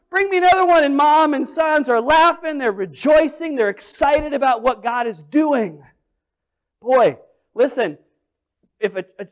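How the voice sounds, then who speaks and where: A high-voiced male pastor preaching, with his pitch sitting well above most men's. He tells the story in an animated way, dropping almost to a murmur and then rising loud as he plays out each scene. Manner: animated storytelling with big swings in volume; acts out scenes and quotes with playful voices. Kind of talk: sermon.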